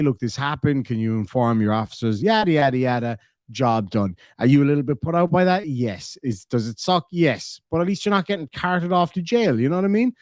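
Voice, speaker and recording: A man's voice: on the high side, a little mellow, dry recording, clean studio sound. A man with a Cork Irish accent chatting on a live stream, reading donations and reacting with sweary, joking banter.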